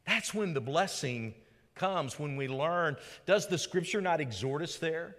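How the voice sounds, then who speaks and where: Animated preacher man in a reverberant hall. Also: unhurried. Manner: dramatic swings from loud rhetorical questions to low quiet emphasis. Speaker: pastor. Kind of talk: sermon.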